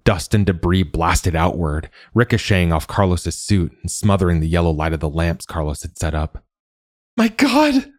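A male audiobook narrator with a deep voice tells the story in a measured, steady way, in studio quality with no room sound.

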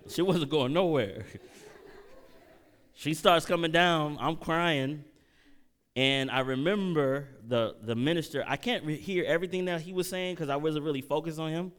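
Middle-aged male pastor, sermon delivery, expressive storyteller who checks in with the room. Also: on the high side, normal speed. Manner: animated preaching, audience call-outs, emotional storytelling.

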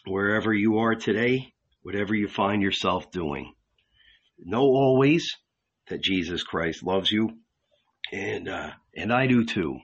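A man reading a novel aloud in a calm, measured way, recorded lo-fi. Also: lowish voice. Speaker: audiobook reader. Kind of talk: scripted narration of a novel. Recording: dull lo-fi recording.

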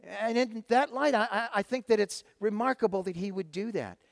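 A man's voice: high-pitched, normal speed, dry recording. A man preaching a sermon to his congregation, retelling a Bible story in a conversational way with frequent fillers and restarts. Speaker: pastor.

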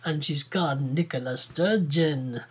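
A Scottish podcaster putting on a put-on accent as a brash, hyped-up party podcast host with loud, showy patter. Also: medium pitch, unhurried, husky.

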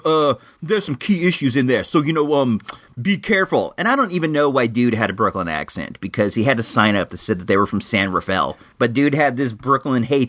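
A man hosts his podcast in a loose, chatty monologue. His voice is bright and a bit high for a man. It swoops up and down with lots of asides. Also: no echo, studio quality. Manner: animated, chatty, drawn-out asides. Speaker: podcast host. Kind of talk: casual monologue.

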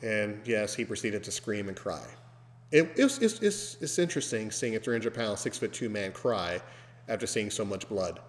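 Lower-voiced man telling a story. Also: normal speed. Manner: animated, mimics screams loudly. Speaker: podcast host. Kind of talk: casual storytelling. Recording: long hall reverb.

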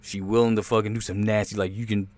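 A man's voice: lowish voice, flat delivery, quick pace, a little mellow. A man doing crude, rambling comedic commentary over a movie trailer, cursing constantly and slipping into impressions. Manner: profane, rambling, jumps into impressions.

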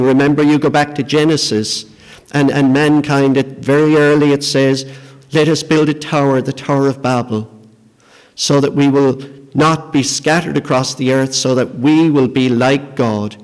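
A man's voice: mid-range voice, darkish tone. Man preaching a sermon in a reverberant hall. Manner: earnest, repeats words when starting phrases.

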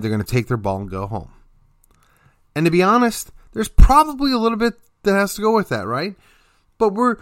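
Emphatic male host, somewhat high voice, sarcastic opinion monologue. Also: no room sound, studio quality. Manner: emphatic, lively, sarcastic asides. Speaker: political commentary host.

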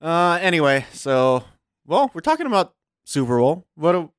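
A man's voice: on the high side, sing-song, normal speed, smooth, dry recording, clean studio sound. A man co-hosting a podcast, joking and telling stories in casual chat. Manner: joking, storytelling with acted-out quotes. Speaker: podcast co-host. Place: small home studio.

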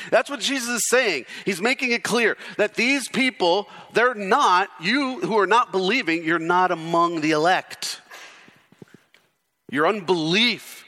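A male pastor delivers an expository sermon with emphasis, posing repeated rhetorical questions and suddenly dropping into low, intense delivery. His voice sounds pushed and bright.

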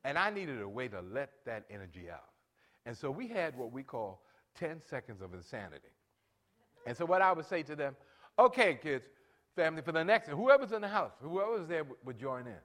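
Delivering his sermon in a mid-range, sing-song voice at a brisk pace, a pastor in his late sixties tells stories about his family. He guides the band and congregation, getting loud when he wants to stress a point.

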